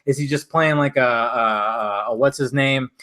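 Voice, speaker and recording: A man hosting a casual film chat, tipsy from vodka, talking in an animated, profane, rambling way with many restarts. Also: mid-range voice, moderate pace. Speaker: host.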